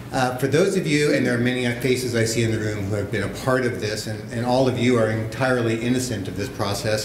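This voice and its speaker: A man gives a conference talk with a loose, joking, self-deprecating delivery. His voice rings through a large echoey room. A steady hum of background noise sits under him. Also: lowish voice. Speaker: conference panelist, evaluator. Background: audience laughter.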